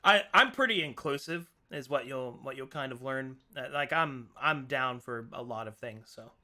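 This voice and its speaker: Bright-voiced laughing game master. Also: male voice, medium pitch, moderate pace. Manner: laughs a lot, relaxed and joking. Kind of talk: casual tabletop session chat.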